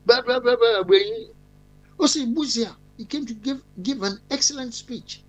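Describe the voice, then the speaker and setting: A man's voice: extremely high pitch, moderate pace, fairly bright tone, low-quality recording. An older man with a Ghanaian accent, a guest telling long rambling stories with many fillers and restarts. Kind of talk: live-stream discussion.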